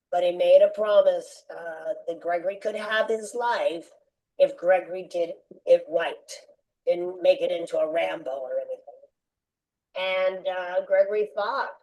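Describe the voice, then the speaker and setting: Older female guest, lively storyteller who acts out quotes; low, warm voice. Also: moderate pace, rough recording. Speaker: interview guest. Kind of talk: storytelling in a podcast interview.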